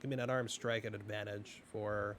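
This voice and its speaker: A man running a tabletop game as game master, explaining rules in a rambling way with lots of fillers and sudden fast bursts. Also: on the low side, flat delivery, fairly bright tone, a little hiss or hum.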